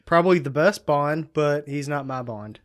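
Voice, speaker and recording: Slightly higher-voiced man, blunt. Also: moderate pace. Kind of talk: casual chat.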